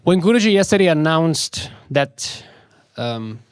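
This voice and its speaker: A man with a somewhat high voice gives a spiritual talk, pacing his words slowly and leaning on repeated phrases for emphasis. The sound is dry and close, with little room around it. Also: big pitch swings, clean tone, no room sound. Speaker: swami giving a spiritual talk.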